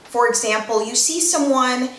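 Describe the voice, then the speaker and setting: A young woman from Jamaica hosting a casual explainer video, teaching vocabulary in a lively way and acting out example dialogues. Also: a little high, moderate pace. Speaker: language teacher, video host. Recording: roomy, mic at a distance.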